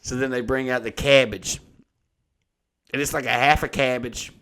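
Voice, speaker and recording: Here the same kind of podcast host and comedian, a young man, chats casually through a meandering, foul-mouthed story and confesses to being a little drunk. He speaks at normal speed in a mid-range, slightly bright voice with fairly even intonation.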